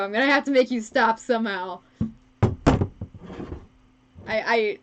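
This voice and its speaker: A woman with a high voice chats with her stream viewers while she sews, unhurried and slow to get her words out. She giggles often and pokes fun at herself. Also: highs cut off, noisy background. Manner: giggly and self-deprecating, laughs often. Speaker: fursuit maker streaming live. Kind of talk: casual live-stream chat with viewers. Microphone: wrong microphone.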